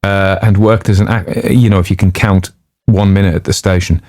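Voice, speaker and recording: A man's voice: sits low, steady tone, moderate pace, a little mellow, no echo, clean studio sound. A man chatting casually before reading a story, rambling off on digressions, with lots of fillers and jokey asides. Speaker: audiobook narrator introducing a story.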